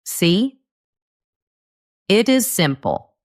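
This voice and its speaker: A woman narrates an English lesson in a lowish voice with a lot of movement in her pitch. She keeps her sentences short and simple and comes back to the key phrases. Her pace stays slow and unhurried. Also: big pitch swings. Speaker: English teacher.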